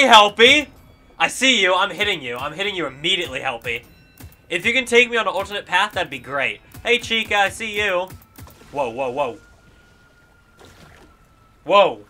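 A young man giving excited let's-play commentary, exclaiming and talking to himself while he plays a video game. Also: sits high. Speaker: gaming YouTuber.

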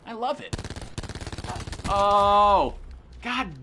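A young man streaming a shooter game, cursing and trash-talking with friends in excited, loud outbursts. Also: high voice, very slow, a little hiss or hum. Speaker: gaming streamer. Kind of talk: live gameplay commentary with friends.

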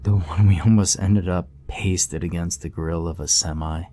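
A drowsy young husband, played by the narrator, speaking in a low, dark, slightly slurred voice. He sounds half asleep and easygoing. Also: fairly even intonation, normal speed, soft background music, lightly acted. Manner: sleepy, slurred, casual.

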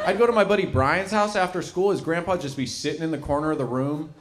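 A young man performing a stand-up set, animated and leaping into high excited voices for the people in his stories. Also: quick pace, background noise. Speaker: stand-up comedian. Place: comedy venue. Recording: loud laughing crowd.

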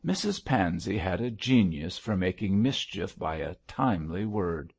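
A man narrating an audiobook in a steady storytelling read. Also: sits low, measured pace, creaky, husky. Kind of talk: scripted narration.

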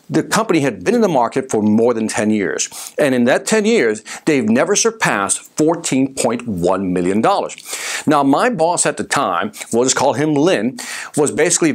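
A man telling a personal sales story as host of his own series, in an emphatic, animated storytelling manner. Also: medium pitch. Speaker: sales speaker. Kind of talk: storytelling monologue.

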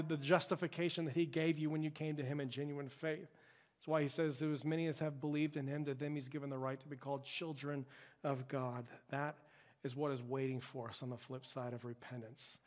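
A male pastor preaching a sermon with impassioned, emphatic delivery, building to loud peaks. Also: on the high side. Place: church sanctuary. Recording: long church-hall reverb.

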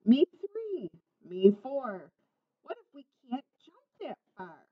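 A woman's voice: sits high, sing-song, slow pace, heavily acted. A woman voicing a flock of timid chickens from a storybook, asking anxious, worried questions. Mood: fretful. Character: four timid fretting chickens. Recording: slightly muffled lo-fi recording.

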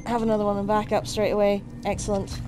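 A woman's voice: medium pitch, flat delivery, fast talker. A woman commenting on a horror video game as she plays, muttering plans to herself and swearing in panic. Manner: jittery, swearing, panicky under pressure. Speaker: let's play gamer. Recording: game music behind voice.

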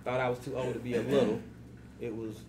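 A man's voice: mid-range voice, fast talker, background noise. A man in his forties, a radio personality, telling casual stories as a podcast guest and acting out the people he quotes. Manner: animated, acts out quoted people. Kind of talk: casual storytelling.

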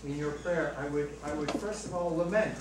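Priest speaking in an echoey hall. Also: male voice, fairly high pitch, moderate pace. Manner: animated storyteller, joking. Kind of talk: parish talk with audience questions. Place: parish hall with audience. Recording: roomy, distant, noisy hall recording.

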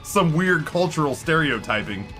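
This American man's voice is on the high side, expressive, bright and forceful, moving at a normal speed over soft background music. He's streaming and chatting casually with viewers, rambling and often cutting himself off to begin sentences again.

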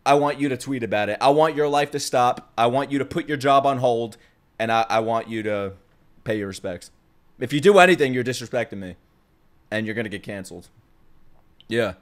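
Young man from New York with that accent, ranting to his viewers, heated and profane, pitch swinging widely. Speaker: YouTuber. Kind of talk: ranting vlog.

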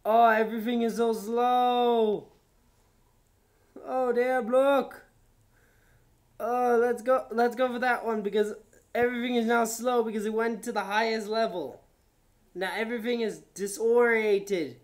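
A woman's voice: fairly high pitch, steady tone, unhurried, long pauses. A woman hosting a reaction video, exclaiming, swearing and laughing in disbelief. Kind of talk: casual reaction commentary.

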